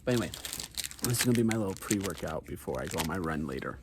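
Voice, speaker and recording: A man's voice: deep voice, expressive, rapid-fire, heavy background noise. Rambling man vlogging between snacks. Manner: rambling, with many ums and uhs; talks while eating. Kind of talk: casual vlog chat.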